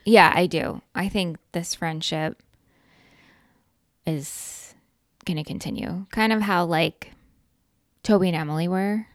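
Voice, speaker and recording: A woman co-hosting a podcast in casual chat about a TV show, agreeing quickly and teasing with sarcasm. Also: fairly low pitch, steady tone, dry recording, studio quality. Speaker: podcast co-host.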